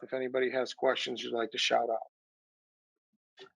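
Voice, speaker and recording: A man's voice: mid-range voice, level tone, unhurried, creaky, fairly bright tone, slightly rough, low-quality recording. A man giving a sales training webinar over a video call, a little winded, coaching with energy and acting out quoted dialogue. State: a little winded, recovering from illness. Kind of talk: webinar talk.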